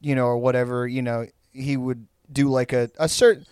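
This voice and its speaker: A man's voice: mid-range voice, level tone, fairly quick, a little mellow, clear, resonant tone, no echo, clean studio sound. A man telling a long, rambling story in casual chat, full of restarts and "like".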